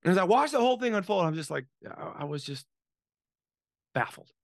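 He's an author and business coach in his sixties, appearing as a podcast guest, and his high-pitched voice is very animated and fairly quick. His conversational storytelling is dramatic, with many restarts and repeated words, in a studio-quality recording with no echo.

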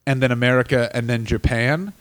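A man in his thirties rants through a casual comedy podcast with profane bursts of mock outrage. His voice sits in a middle pitch. The sound is dry and close. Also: steady tone, a little fast, no echo. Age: 30s.

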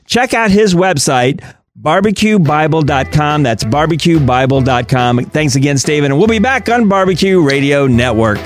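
A man's voice: fairly high pitch, lively intonation, normal speed, music in the background. A man co-hosting a radio talk show, chatting enthusiastically and laughing often.

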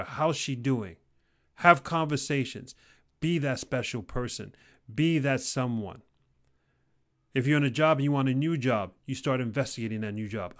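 A man giving an intense motivational talk, repeating phrases for emphasis and swinging between loud urging and quiet, low intensity. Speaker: career motivational speaker.

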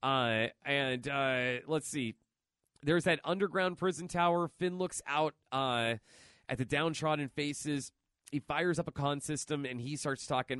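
A man's voice: on the high side, unhurried, a bit bright, smooth, dry recording, studio quality. A man hosting a podcast, casually recapping a comic story, rambling with lots of fillers and swearing. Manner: rambling, profane, filler-heavy. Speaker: podcast host.

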